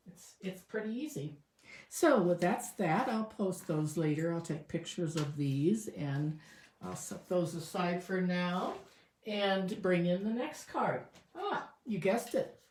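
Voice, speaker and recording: A woman with a fairly low voice walks through a craft project in a relaxed tutorial. She chats and thinks aloud as she works, and her voice carries some echo from the room. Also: slow pace, slight background noise. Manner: chatty, thinking aloud with fillers. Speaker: crafting demonstrator.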